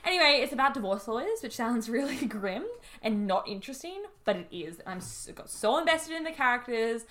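A woman's voice: on the high side, animated, fairly quick, a bit bright. Casting: Australian woman, 20s, chatty podcast co-host, laughs easily, casual swearing. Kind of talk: casual chat.

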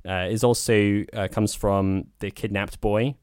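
Guy, lowish voice, casual opinionated film podcast chat, dry close sound. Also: fairly even intonation, measured pace, darkish tone, clear, resonant tone, no echo. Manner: opinionated, talks in loose spoken asides. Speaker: podcast co-host.

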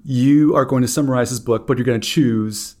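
A man's voice: mid-range voice, fairly quick, darkish tone. A man hosting a podcast in casual chat, dry and teasing, with some filler. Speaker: podcast host.

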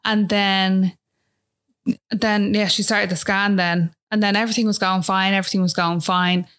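A woman's voice: mid-range voice, flat delivery, moderate pace, a bit bright. An Irish woman speaking as a guest, telling a personal story in a chatty, casual way that is full of fillers. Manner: chatty, fills talk with "like" and "do you know what I mean".

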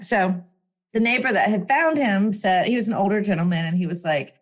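Young woman rambling through a personal story, lively, lots of "like" and "right?". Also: mid-range voice, a little fast. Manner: animated, chatty, lots of fillers and voiced quotes.

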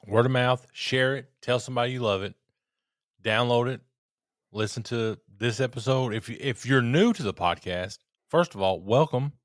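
A podcast co-host chats casually, his medium-pitched voice moving at a moderate pace. He's tipsy from drinking, rambling, joking and swearing freely. The studio recording is clean with no echo.

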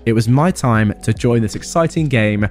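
A man's voice: mid-range voice, moderate pace, soft background music. A man narrating a personal story with sarcastic, comic asides.

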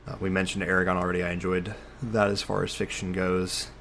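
A man's voice: low-pitched, level tone, a little fast, creaky, a bit bright, a little hiss or hum. A man co-hosting a podcast in casual chat, rambling with frequent restarts. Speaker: podcast co-host.

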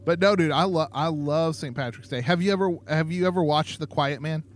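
A man's voice: a little high, brisk. A man co-hosting a podcast in casual chat, jokey and playful, laughing often. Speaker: podcast co-host.

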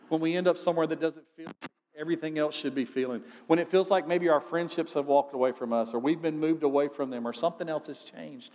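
A man's voice: on the high side, fast, darkish tone, long reverb tail. A male pastor giving a sermon in a conversational way, asking rhetorical questions.

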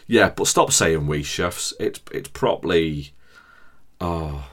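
A deep-voiced man talks straight to his listeners as a podcast host. He rants in a jokey, chatty way about everyday annoyances. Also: animated, slow pace, fairly bright tone. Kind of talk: casual solo podcast chat.

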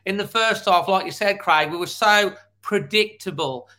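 A man co-hosting a casual football fan chat with a high, bright, forward voice. He lays out his reasoning calmly, one point after another, and picks up his partner's points. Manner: measured, explains points step by step. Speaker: football podcast co-host.

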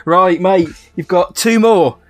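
A man's voice: high voice, slow, no room sound. A man co-hosting a casual podcast, joking, laughing often and calling his friend mate. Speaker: podcast co-host. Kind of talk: casual chat.

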